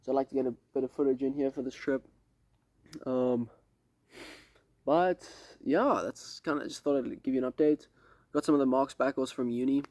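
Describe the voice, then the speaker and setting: A man's voice: medium pitch, steady tone, moderate pace, pauses often, a little mellow, no echo. A young man from South Africa giving a casual, rambling vlog update outdoors on a lake dock at night, talking to a camera a few steps away, slangy and swearing freely. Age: young adult. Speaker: vlogger. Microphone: camera set up a few steps away.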